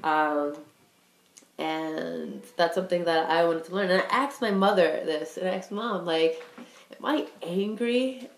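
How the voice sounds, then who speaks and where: A woman's voice: on the low side, fairly even intonation, measured pace, gravelly, reverberant. A woman in her twenties talking candidly and rambling about her own feelings, with many fillers. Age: 20s. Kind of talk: casual personal talk.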